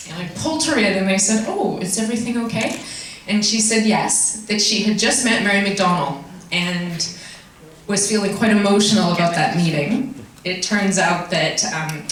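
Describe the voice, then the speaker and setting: A woman tells a long personal story to a convention audience, chatty and self-deprecating and open about her emotions. Her voice sits in a middle range. It reaches the mic from well back in a huge hall thick with echo and a faint hum. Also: mid-range voice. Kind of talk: personal story told on stage. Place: large convention hall stage. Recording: echoey hall from far off.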